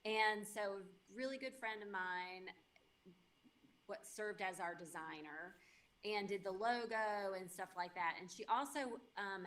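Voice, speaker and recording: Woman guest on a talk show, easygoing, fillers, conversational. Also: mid-range voice. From Indiana. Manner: relaxed, with fillers. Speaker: mayor candidate, guest. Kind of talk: casual interview.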